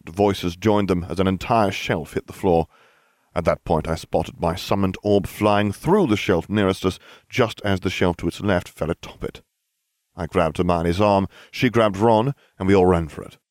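A man reading fan fiction aloud as narrator, with expressive storytelling. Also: low voice, dry recording, clean studio sound.

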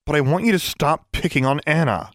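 A bold, stubborn schoolgirl from a storybook, put on by a man reading aloud. The voice sits well above his usual low register and pushes back with sharp, daring lines, recorded close and dry. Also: a little fast, dry recording, close to an everyday voice. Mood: defiant. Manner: pitched high, sharp and challenging.

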